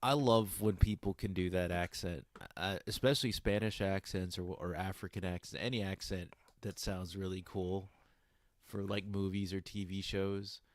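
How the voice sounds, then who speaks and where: A man's voice: low-pitched, steady tone, normal speed, no echo, studio quality. A young man co-hosting a stream, talking bluntly and with emphasis. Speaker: stream co-host. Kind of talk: casual stream chat.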